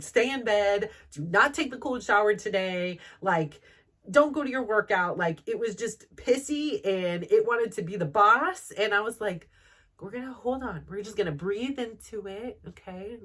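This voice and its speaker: A middle-aged woman talks straight to her audience as a mom vlogger, voice sitting at an ordinary middle pitch. She rambles from story to story, stuffing her talk with fillers and acting out what everyone said. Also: fairly bright tone. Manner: chatty and rambling, full of "like" and quoted dialogue. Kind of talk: casual chat.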